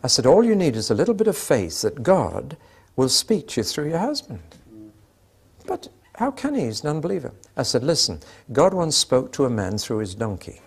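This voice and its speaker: A man's voice: mid-range voice, very animated, brisk, few pauses, slight background noise. An older man preaching a sermon, telling anecdotes with dry humour and acting out the dialogue.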